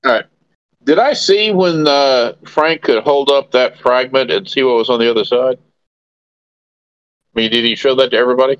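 A man's voice: mid-range voice, moderate pace, pauses often, clean tone, no room sound, lo-fi sound. A man playing a tabletop game, explaining at length with many hesitations. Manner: rambling, hesitant with fillers. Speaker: player. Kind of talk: casual tabletop play.

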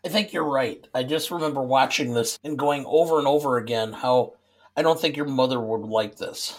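A man's voice: medium pitch, moderate pace. A middle-aged man co-hosting a casual movie podcast, easygoing and opinionated, reading summaries steadily. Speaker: podcast co-host.

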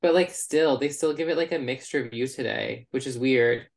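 A man's voice: medium pitch, normal speed. A man co-hosting a podcast, chatting casually in an eager, self-deprecating way. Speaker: podcast co-host. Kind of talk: casual chat.

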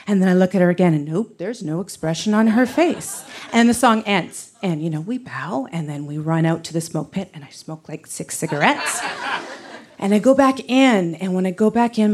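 A woman telling a personal story to a live audience, animated and laughing, dropping to whispers for her inner thoughts. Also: medium pitch, breathy edge.

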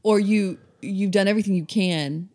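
A woman's voice: medium pitch, moderate pace, warm tone. A woman co-hosting a podcast in casual chat, speaking reflectively and playfully. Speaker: podcast co-host.

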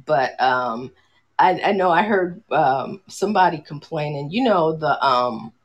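A husky, middle-aged woman's voice talks in a loose, rambling way. She hesitates, circles back and restarts her sentences, full of ums, as she chats with a friend on a podcast. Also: low-pitched, animated, measured pace, dull audio. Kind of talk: casual chat.

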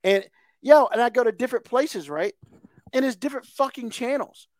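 A high-voiced man rants on a podcast, heated and profane, circling back to the same gripe again and again. The sound is close and dry, with no room around it. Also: expressive, moderate pace, no echo. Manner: heated, swears constantly, emphatic repetition. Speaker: podcast co-host. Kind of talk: casual profane rant.

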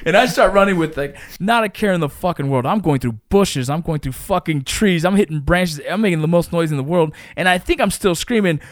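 A man telling a story in casual podcast chat, animated and profane, who bursts into shouts at the exciting moments. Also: fairly high pitch, brisk, few pauses, no echo, clean studio sound. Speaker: podcast host.

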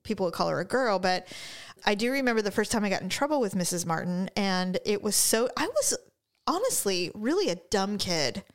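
A middle-aged woman chatting casually, telling lively stories and acting out the voices of people in them. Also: medium pitch, fairly quick. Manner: animated storyteller, acts out voices. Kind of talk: casual chat.

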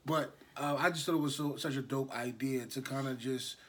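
Husky-voiced man hosting a casual podcast. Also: medium pitch. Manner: relaxed, halting, slangy. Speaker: podcast host. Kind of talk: casual chat. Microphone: no proper microphone set up.

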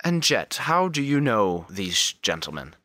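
A man's voice: on the low side, sing-song, sharp tone, dry recording, clean studio sound, exaggerated voice. A man voicing Wilhelmina, a gracious, formal businesswoman in a tabletop game. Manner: courteous, measured, formal phrasing.

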